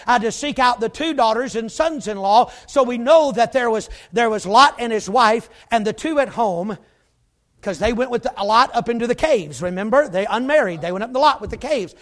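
A preacher with an unusually high voice delivering a sermon. He is folksy and emphatic, with joking asides, and often swells to shouting.

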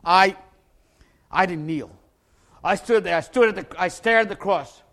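A man telling a dramatic personal story, acting out the people in it and bursting into shouts at the tense moments. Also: high-pitched, a little slow. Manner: acts out the people in his story. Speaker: storyteller giving a personal testimony.

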